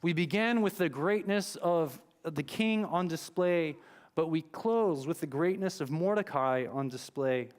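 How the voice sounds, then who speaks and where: Speaking unhurriedly in a slightly high voice, a male pastor preaches a sermon in the church sanctuary. He recounts a scripture story with conversational drama.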